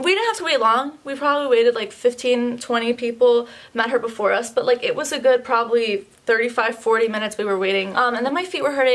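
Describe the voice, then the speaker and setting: A woman's voice: a little high, fairly bright tone. A young woman chatting casually to camera in a beauty vlog, candid and a little tired, with plenty of fillers. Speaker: beauty vlogger.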